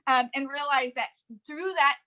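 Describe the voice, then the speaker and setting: A woman leading a sales team, giving an energetic, emphatic motivational talk with frequent laughs. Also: high-pitched, unhurried. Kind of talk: casual motivational chat.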